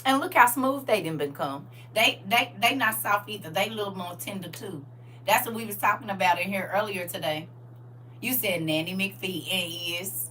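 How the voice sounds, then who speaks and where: Animated woman livestreaming, bright voice. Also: medium pitch, normal speed, a little hiss or hum. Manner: animated and playful, addresses chat directly, laughs often. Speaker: livestream host. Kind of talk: casual livestream chat with viewers.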